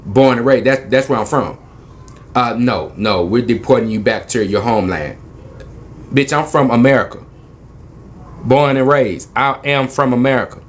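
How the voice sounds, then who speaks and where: Animated man retelling a roadside encounter. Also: medium pitch, normal speed, long pauses, slight background noise. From East Saint Louis, Illinois. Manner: animated storyteller acting out both sides of a dialogue; slangy, emphatic, repeats phrases. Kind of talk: retelling a story.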